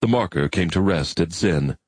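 Deep, husky male audiobook narrator. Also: expressive, dry recording. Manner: measured, reflective reading.

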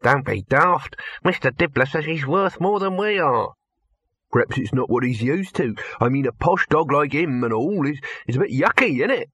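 Jittery chattering handler guy, raised and husky, narrator doing him. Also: a little high, animated, normal speed, pushed and bright, dry recording, voice pushed up, heavily acted. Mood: fretful.

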